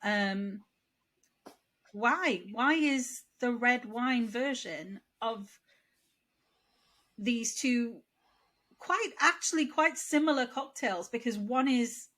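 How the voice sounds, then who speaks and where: Woman podcast co-host, slightly high voice, rambling chatty delivery, lingering cough. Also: lively intonation, slow, long pauses, fairly bright tone. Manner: chatty, rambling, asks questions aloud. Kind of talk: casual chat.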